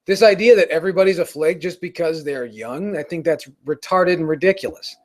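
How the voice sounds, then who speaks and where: A man's voice: a little high, a little fast, a little mellow. A man hosting his own show, ranting in a rambling, profane way with frequent restarts. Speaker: show host. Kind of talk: casual rant on a live stream.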